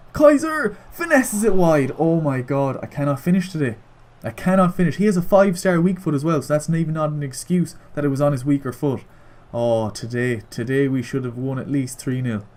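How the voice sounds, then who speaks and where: Excitable young man calling his own gameplay. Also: on the high side, fairly quick. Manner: excitable, swears, cheers and groans at the play. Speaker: gaming YouTuber. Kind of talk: casual gameplay commentary.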